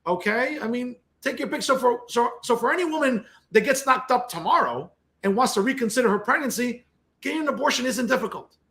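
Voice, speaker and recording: Combative high-voiced male political host. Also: expressive, brisk, gravelly, fairly bright tone. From New Jersey. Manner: combative, sarcastic, keeps asking "okay?" and "right?". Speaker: political commentary show host. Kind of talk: opinionated political commentary. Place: home office with bookshelves behind him.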